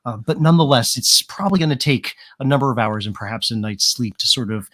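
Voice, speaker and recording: A man's voice: mid-range voice, animated, fast, fairly bright tone, no room sound. Dry-voiced man narrating as game master. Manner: rambling, hedging descriptions full of "sort of" and "kind of".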